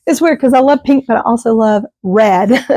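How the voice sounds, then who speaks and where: A woman's voice: on the high side, moderate pace, warm tone, no room sound. A middle-aged woman, chatting casually to her viewers as a vlogger, rambling and laughing often. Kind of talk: casual chat.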